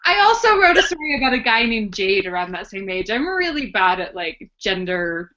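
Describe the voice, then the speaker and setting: A woman with a bright, sharp tone talks through a book in a casual group chat. She mixes thoughtful points with teasing. Her voice comes through a dull, muffled video-call line. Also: mid-range voice, sing-song, normal speed. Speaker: book club member.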